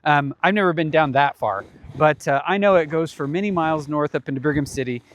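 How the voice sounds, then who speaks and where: A man's voice: on the high side, brisk, slight background noise. A man presenting for a ministry foundation, giving a casual explanatory talk outdoors on a mountain trail, conversational and chuckling now and then. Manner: conversational, with frequent small chuckles.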